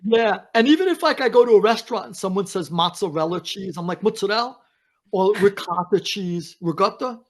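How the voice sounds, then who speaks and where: A man, talking as a podcast guest over a video call, animated and emphatic. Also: high voice, fast, few pauses. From United States. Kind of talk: casual chat.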